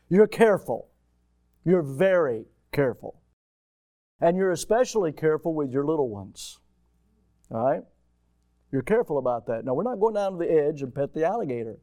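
A man preaching a sermon in a folksy, animated way, with stories and rhetorical questions. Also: on the high side, moderate pace, pauses often.

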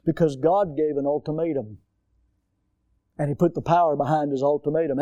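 An older man delivers a sermon in a fairly high yet mellow voice, recorded dry and close. He preaches animatedly, slipping into quoted voices and sudden loud bursts. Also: fairly even intonation, brisk, pauses often, no room sound.

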